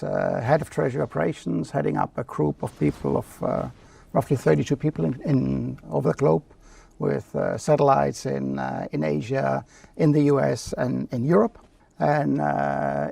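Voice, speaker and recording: A man's voice: a little high, vocal fry, dark tone, dry recording, recorded from a distance. A man speaking as a guest on a live panel, recounting his career in a matter-of-fact, step-by-step way. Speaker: panel guest, treasury leader.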